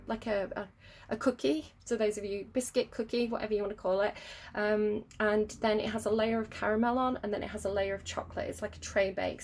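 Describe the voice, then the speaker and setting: A woman's voice: mid-range voice, a little mellow, slight background noise. An English woman giving a tarot reading, telling her story in a casual, rambling way with many fillers and little laughs. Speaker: tarot reader.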